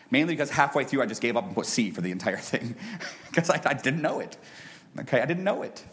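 A man in his thirties preaching a sermon who builds to loud, high peaks and then drops to a soft, hushed voice. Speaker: pastor.

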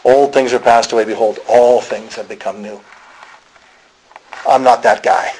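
A man's voice: mid-range voice, fairly even intonation, measured pace, darkish tone, slight background noise, rough recording. A man with a Pennsylvania accent preaching a sermon, telling the story dramatically and acting out the voices of the people he quotes. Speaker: pastor.

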